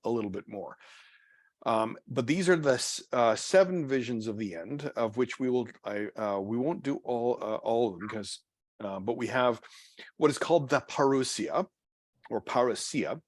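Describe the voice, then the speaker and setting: Leading an improvised Bible study in a church meeting room, a man speaks in a mid-range voice, often using fillers, starting over and letting phrases trail off. The recording is dry.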